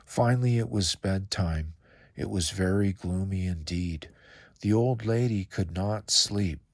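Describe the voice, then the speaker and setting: A man reading a children's picture book aloud in a calm, measured storytelling voice. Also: low voice, no room sound.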